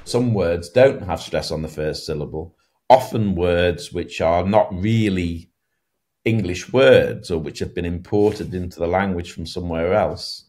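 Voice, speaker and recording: Deep-voiced man explaining as an expert. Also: measured pace, darkish tone. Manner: thoughtful, explanatory, with restarts. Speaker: guest expert. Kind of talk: interview answers.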